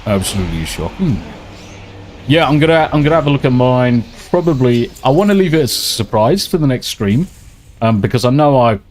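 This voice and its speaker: A man's voice: medium pitch, a little mellow. Swearing man streaming a game. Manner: swearing, rambling and chatty, reads out viewer messages. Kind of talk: casual gameplay chat.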